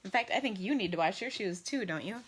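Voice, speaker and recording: A woman in her forties hosting a casual crafting live stream from home, bubbly and chatty and quick to laugh, talking into her phone camera. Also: medium pitch, animated, slight background noise. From United States. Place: at home indoors. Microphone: phone camera in selfie mode.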